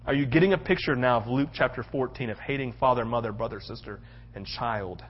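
A man's voice: mid-range voice, brisk. A man preaching a sermon as a pastor, telling the story dramatically and slipping into voices for the characters. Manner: animated storytelling, acting out voices. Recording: muffled lo-fi sound.

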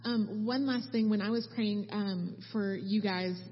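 A woman with a Southern US accent, a missionary speaking to a church, sharing what she sensed in prayer in a soft, hesitant way with frequent ums. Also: mid-range voice, fairly even intonation, measured pace, a little hiss or hum. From American South. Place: church sanctuary. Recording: reverberant hall, dull lo-fi sound.

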